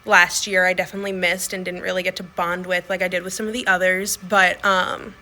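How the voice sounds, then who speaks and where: A woman's voice: on the low side, little pitch movement, brisk, pushed and bright, low-quality recording. A woman talking casually in a video diary, chatty and full of fillers. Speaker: vlogger; school staff.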